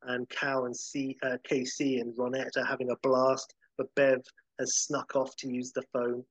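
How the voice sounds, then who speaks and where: A man casually narrating a comic film pitch scene by scene, rambling with lots of "like" and "uh". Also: completely flat delivery, moderate pace, no room sound, poor audio. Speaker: podcast host pitching a film sequel.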